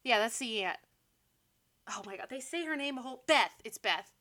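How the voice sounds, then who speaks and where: A woman's voice: fairly high pitch, lively intonation, moderate pace, sharp tone. A young woman co-hosting a podcast, animatedly recapping a movie with sarcastic asides and frequent laughs. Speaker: podcast co-host. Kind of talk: casual movie recap chat.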